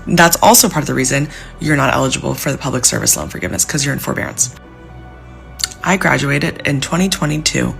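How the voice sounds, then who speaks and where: A young woman with a low, gravelly voice rants on a vlog, distressed and pleading. Her tone stays heavy with frustration throughout. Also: animated, fast, fairly bright tone, faint music behind. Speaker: civil servant with student debt. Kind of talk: emotional vlog rant.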